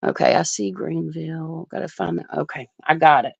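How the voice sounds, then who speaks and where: A woman's voice: low-pitched, a little fast, vocal fry, darkish tone, breathy edge, no echo, dull audio. A woman hosting an astrology livestream, chatting casually and thinking aloud while she answers viewer comments.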